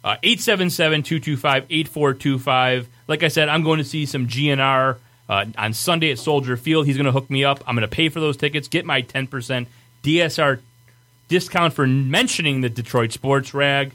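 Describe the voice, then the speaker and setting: A man hosting a sports podcast, running a playful quiz and reading quotes aloud slowly. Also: mid-range voice, pushed and bright. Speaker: podcast host. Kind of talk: casual sports quiz banter.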